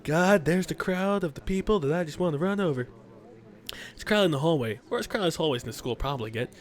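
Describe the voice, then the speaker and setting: A man's voice: a little high, animated, fast. A young man playing a visual novel, reading the narration aloud and cracking profane jokes. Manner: joking, profane asides between narration. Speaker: let's play host.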